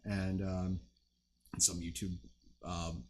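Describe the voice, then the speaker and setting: A young man on a livestream speaks extremely slowly in a low, level voice, with slight background noise behind him. He chats loosely with viewers, rambling and cursing, his talk packed with fillers.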